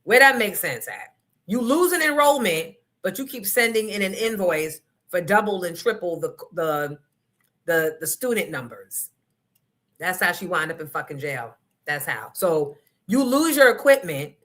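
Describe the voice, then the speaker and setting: Woman, talk show host, blunt, profane, emphatic, bright voice. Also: lowish voice, animated, a little slow. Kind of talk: casual livestream rant.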